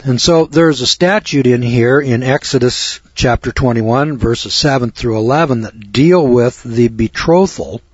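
A man's voice: mid-range voice, a little slow, few pauses, husky, no room sound. A middle-aged man hosting a radio talk show, lecturing in a blunt, rambling, preachy way. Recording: dull lo-fi radio recording.

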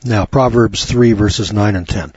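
A man's voice: on the low side, unhurried, darkish tone, husky, no room sound. A man giving a chatty, folksy Bible teaching program from his home studio, talking to listeners by name. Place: home studio on a rural property. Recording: dull lo-fi dry recording.

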